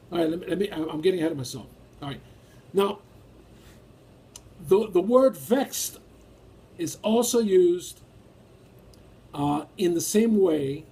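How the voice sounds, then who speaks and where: A man's voice: high voice, a little mellow, husky. A man preaching a sermon and reading scripture aloud in an emphatic way. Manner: emphatic, rises when acting out feelings.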